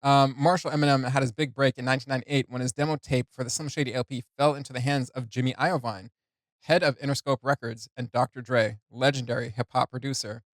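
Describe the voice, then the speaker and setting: A man talks through song lyrics for his reaction channel in an easygoing, unscripted way, laughing softly between thoughts and stumbling through fillers. His voice sits in an ordinary middle pitch. The recording is close and dry, with no room echo. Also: fairly even intonation, quick pace. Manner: chuckles often, loose, with many fillers. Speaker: reaction video host. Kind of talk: casual reaction commentary explaining rap lyrics.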